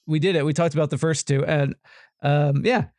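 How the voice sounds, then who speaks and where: A man's voice: fairly high pitch, steady tone, fairly quick, a little mellow, no echo. Rambling male podcast host. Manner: rambling, full of restarts and filler. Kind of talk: casual podcast chat.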